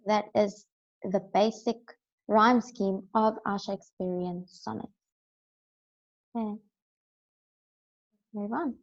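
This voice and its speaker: A woman's voice: medium pitch, steady tone, takes it slowly, pauses often, a little mellow, highs cut off. A woman teaching a recorded lesson, explaining step by step and often checking in with "right?".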